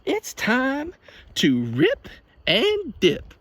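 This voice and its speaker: A man doing a brassy grandma pitching pizza in a corny commercial. She stretches every word with exaggerated enunciation, pitched well above his own voice and swooping all over. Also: huge pitch swings, extremely slow, fairly bright tone, exaggerated voice. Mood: hammy sales pitch. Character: sassy grandma hawking pizza in an over-the-top ad.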